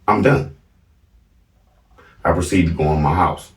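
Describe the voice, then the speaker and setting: A man's voice: sits low, a little slow, recorded from a distance. A middle-aged man casually telling a family story to his viewers, emphatic and often asking "right?". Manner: emphatic, keeps checking in with "right?". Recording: roomy, from off the mic.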